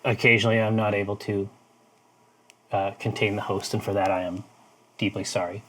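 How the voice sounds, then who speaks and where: A man voicing a solemn, apologetic woman who speaks quietly and haltingly. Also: on the low side, level tone, slight background noise, pitched below the performer's own voice, natural voice, rough recording. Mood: remorseful.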